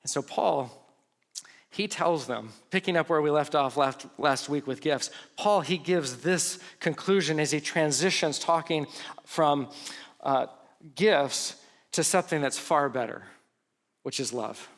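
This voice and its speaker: Guy preaching a sermon, bright kinda high voice, big church reverb. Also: measured pace. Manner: earnest preaching, rhetorical questions, reads scripture aloud. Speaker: pastor.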